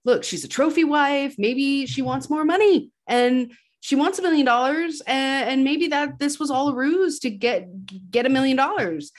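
Woman doing a fed up easygoing guy, higher voice, slow and pushy. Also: expressive. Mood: insistent. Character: exasperated laid-back man pleading his case.

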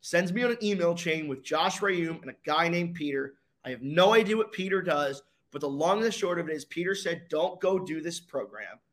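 Animated young man telling a story. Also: on the high side, a little fast, hardly any pauses. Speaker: guest, racing driver. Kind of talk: storytelling in a casual interview.

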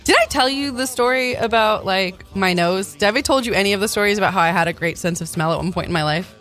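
A woman's voice: medium pitch, fast, a bit bright, faint music behind. A woman co-hosting a casual podcast chat, with a faint Long Island accent, swearing freely and joking indignantly. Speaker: podcast co-host.

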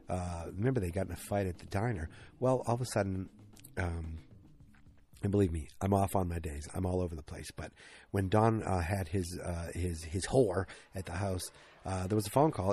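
Very low-voiced man rambling through a recap. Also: warm tone. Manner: rambling, self-correcting, many fillers. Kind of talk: casual episode recap.

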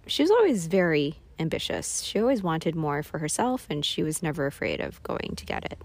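A woman's voice: lowish voice, sing-song, a little fast, creaky, hardly any pauses. A tired woman hosting a solo podcast, talking candidly and self-deprecatingly, swearing and laughing often. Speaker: podcast host. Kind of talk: confessional solo podcast monologue.

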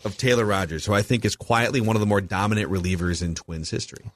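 Low-voiced Minnesota man talking sports. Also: quick pace, no echo, studio quality. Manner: enthusiastic, lists rankings. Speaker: podcast host. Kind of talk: casual sports talk.

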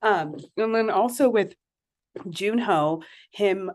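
A woman's voice: medium pitch, slow pace, darkish tone. A young woman guest in a casual podcast chat, enthusiastically retelling scenes with quoted lines.

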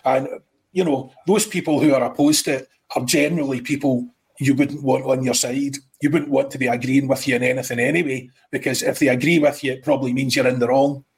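A man's voice: medium pitch, steady tone, fairly quick, breathy edge, poor audio. A man speaking as a podcast guest, hesitant and full of fillers but firm in his opinions. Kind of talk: casual chat.

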